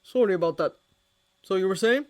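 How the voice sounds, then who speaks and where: A woman's voice: medium pitch, fairly quick, a little mellow, lightly acted. A woman voicing a harried middle-aged male police inspector who growls and snaps. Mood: gruff. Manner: gruff, snappish.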